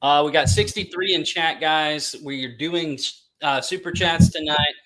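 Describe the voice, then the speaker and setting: A man's voice: fairly high pitch, a little slow, bright, forceful tone, poor audio. A man hosting a casual livestream, chatting upbeat with guests and reading out viewer comments. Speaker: livestream host. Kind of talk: casual chat.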